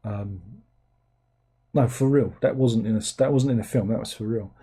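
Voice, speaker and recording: A man talks casually into a desk mic on a livestream, rambling and sardonic, jumping now and then into high incredulous exclamations. His voice sits mellow and dark in tone. There is a soft, husky grain to it. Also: moderate pace. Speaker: livestream host reading chat. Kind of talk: casual chat.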